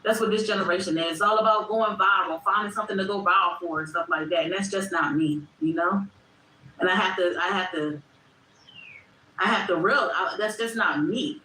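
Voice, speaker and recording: A woman's voice: on the low side, fairly quick, bright, forceful tone. Chatty woman hosting a livestream. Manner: repetitive, reflective, talks to chat directly. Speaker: livestream host. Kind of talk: casual livestream chat reading comments. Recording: echoey room with faint background noise.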